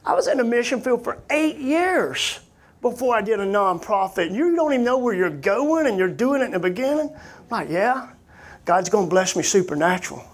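A man's voice: very high-pitched, sing-song, a little fast. A man who works as a missionary, earnestly and animatedly telling his personal testimony in folksy, plain-spoken grammar.

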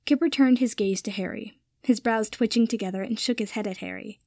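A woman's voice: on the high side, a little fast, a little mellow, no room sound, studio quality. A young woman reading fan fiction aloud, narrating the story and then signing off with chatty, rambling asides. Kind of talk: storybook narration with a casual sign-off.

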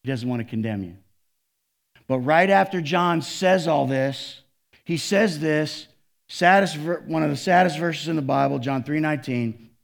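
A male pastor preaching a sermon, swinging from loud, emphatic lines to quiet, low asides. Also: moderate pace, vocal fry.

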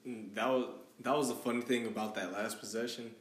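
A man's voice: lowish voice, steady tone, a little fast. A man hosting a casual sports podcast, chatty and moving the talk along. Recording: echoey room.

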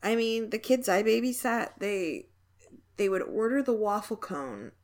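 A woman's voice: mid-range voice, animated, unhurried, darkish tone. A woman from Texas co-hosting a casual podcast, talking in a chatty way with lots of fillers and playful jokes. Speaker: podcast co-host. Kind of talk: casual chat.

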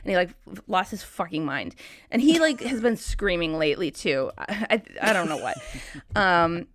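A woman's voice: fairly low pitch, big pitch swings, moderate pace, a bit bright, no echo. A woman in her thirties hosting a podcast, rambling in casual chat, swearing freely and laughing often. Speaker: podcast host.

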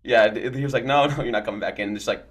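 Young man, mid-pitched voice, laid-back podcast banter, profane, laughs a lot. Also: fast talker, husky. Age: young adult. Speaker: podcast co-host. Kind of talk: casual chat.

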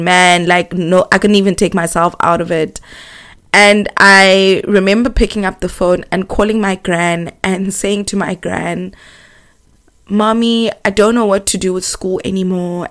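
Slow, candid young woman vlogging. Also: fairly low pitch, a bit bright. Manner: candid, rambling, many fillers. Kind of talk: casual confessional chat.

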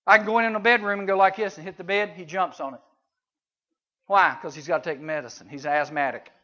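A man's voice: high-pitched, quick pace, pushed and bright. A middle-aged man teaching youth in a folksy way, telling stories with sound effects and voices. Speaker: camp speaker. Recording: dull lo-fi recording.

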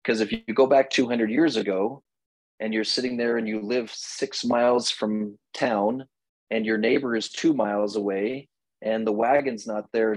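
A man's voice: fairly low pitch, breathy edge, no room sound, rough recording. A man teaching a marriage class, telling stories and acting out both sides of talks with his wife. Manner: animated storytelling, acting out dialogue with his wife. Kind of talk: lecture to a class.

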